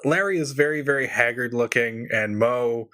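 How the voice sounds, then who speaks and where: A man co-hosting a podcast, chatting casually and animatedly, laughing often with quick asides. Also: mid-range voice, bright, forceful tone. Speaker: podcast co-host. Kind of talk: casual chat.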